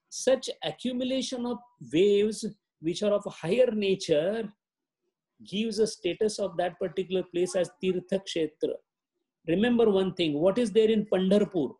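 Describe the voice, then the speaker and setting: High-voiced man giving a spiritual lecture. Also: a little mellow. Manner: slow, deliberate explanation with Sanskrit terms. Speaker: yoga sutra teacher.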